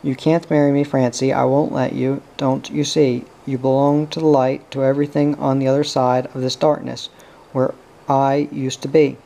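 A man's voice: mid-range voice, level tone, moderate pace, gravelly, warm tone, natural voice. A man reading the part of a bitter, proud young man who was blinded and who pushes his sweetheart away. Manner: bitter, resigned. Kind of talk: audiobook character reading.

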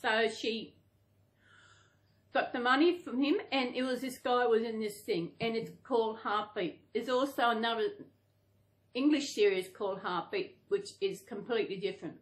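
A woman's voice: on the high side, normal speed. A middle-aged Australian woman chatting casually to camera, rambling and correcting herself as she goes. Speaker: doll collector vlogger.

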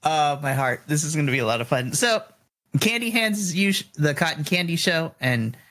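A man narrating a tabletop game as game master, excitable and giggly, often restarting his sentences. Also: fairly high pitch, normal speed.

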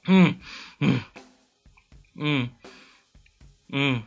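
Gamer commentary, excitable, swears a lot, talks at the screen, animated pitch, faint game music behind. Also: normal speed, long pauses, breathy edge. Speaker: let's play host. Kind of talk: live gameplay commentary.

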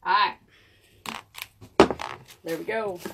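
A wellness vlogger chats loosely and conversationally while making a coffee drink, in a casual cooking-demo style. Her medium-pitched voice is slow, steady and touched with vocal fry. She moves around as she talks, so her voice comes and goes, and the recording is very noisy.

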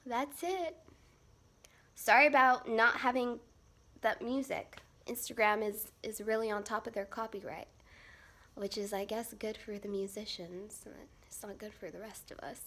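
A woman's voice: a little high, fairly bright tone. A young woman chatting casually about her outfit in a live-streamed phone vlog, bubbly and rambling with giggles. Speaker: fashion vlogger.

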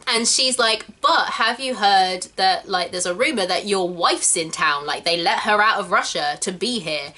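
Bright-sounding woman chatting away, doing little voices for the characters as she explains the story. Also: mid-range voice. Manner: animated, acts out characters in quick voices. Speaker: channel host explaining a musical. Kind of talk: casual chat retelling a plot.

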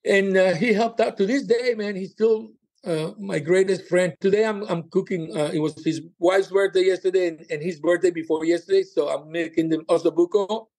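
A man, a comedian and former cruise director, telling stories in a casual interview, animated and laughing often. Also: sits high, normal speed.

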